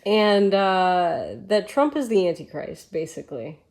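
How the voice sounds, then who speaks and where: A woman's voice: mid-range voice, lively intonation, unhurried, darkish tone. A woman from Michigan co-hosting a casual political podcast, telling stories bluntly with swearing and laughter. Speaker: podcast co-host.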